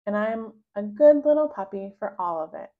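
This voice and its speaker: A woman reading a children's book aloud, narrating slowly and expressively in the first person. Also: medium pitch, expressive, narrow, tinny audio. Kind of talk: read-aloud storybook narration.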